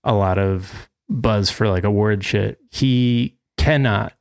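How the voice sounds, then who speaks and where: A man co-hosting a podcast, laid-back and quick to laugh. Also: lowish voice, vocal fry, darkish tone, smooth. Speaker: podcast co-host. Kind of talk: casual chat.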